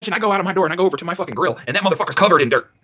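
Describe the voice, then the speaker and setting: A worked-up man ranting in a profane vlog, swinging between loud outbursts and low muttering. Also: animated, very fast. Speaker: vlogger.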